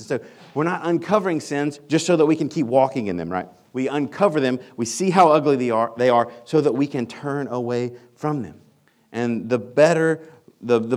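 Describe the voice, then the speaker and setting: A man preaching a sermon on confession, emphatic, often checking in with "right?". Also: a little mellow. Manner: emphatic, repeats "right?" to the congregation; acts out sample confessions in a higher voice.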